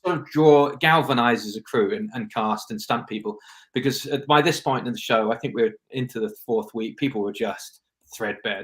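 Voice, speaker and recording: A man speaking as a film director guest in a casual interview, reflective and rambling, often restarting his sentences. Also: on the low side.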